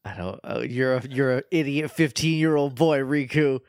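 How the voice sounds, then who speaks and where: A man's voice: medium pitch, normal speed, clean tone. A young man co-hosting a podcast who reacts to a game recap with laughs, questions and exclamations. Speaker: podcast co-host. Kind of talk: casual chat, reacting.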